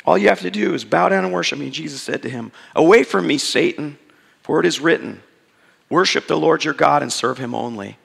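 Gravelly pastor preaching in a reverberant hall. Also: male voice, on the high side, brisk. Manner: storytelling, animated and conversational, acting out quotes. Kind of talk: sermon.

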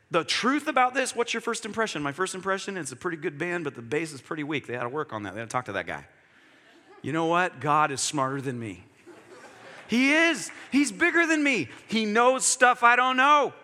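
Animated bright-voiced male pastor in a hall. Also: high voice. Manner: animated storytelling with acted-out dialogue. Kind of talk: sermon. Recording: long hall reverb.

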